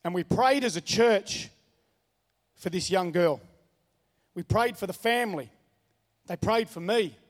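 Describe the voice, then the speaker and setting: Man, pastor, sermon, earnest, repeats key lines, high-pitched, echoing hall. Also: measured pace, long pauses. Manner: earnest storytelling preacher, repeats key phrases.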